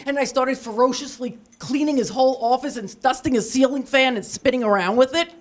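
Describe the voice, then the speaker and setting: A woman's voice: high voice, fairly quick. A woman performing a stand-up comedy set in a TV studio, delivering self-deprecating punchlines in a dry, matter-of-fact way. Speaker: stand-up comic. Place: TV studio with live audience.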